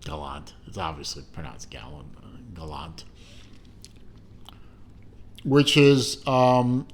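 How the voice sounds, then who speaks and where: Slow, rambling middle-aged man reviewing a watch. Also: medium pitch. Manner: slow, rambling, with many fillers and self-corrections; dry self-mocking asides. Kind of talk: casual unboxing review.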